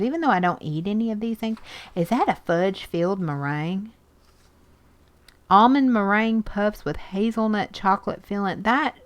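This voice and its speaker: An art journaling video host with a medium-pitched voice chats casually while sorting through magazines, exclaiming over pictures and reading bits aloud. There's slight background noise.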